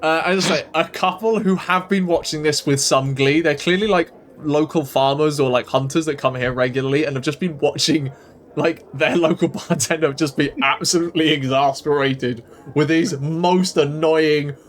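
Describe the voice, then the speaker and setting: A Welsh man leads a tabletop game as game master, his voice sitting high for a man. He narrates with an amused edge and breaks into laughter often. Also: steady tone, moderate pace.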